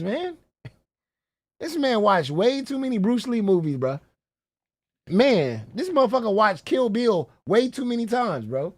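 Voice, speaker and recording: Mocking streamer with a swinging pitch. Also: male voice, a little mellow, no echo. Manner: incredulous, mocking, swears freely, repeats "bro". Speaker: reaction streamer. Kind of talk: profane reaction commentary.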